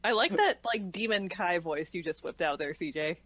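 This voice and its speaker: A woman on a casual group podcast, tossing in quick quips. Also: on the low side, fairly bright tone, dry recording.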